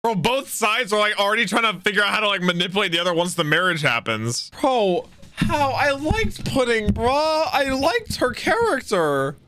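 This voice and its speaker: A young adult hosting an anime reaction video, talking loudly, exclaiming and swearing often. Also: medium pitch, sing-song, fairly quick, few pauses, slight background noise. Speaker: anime reaction channel host. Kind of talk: excited reaction commentary.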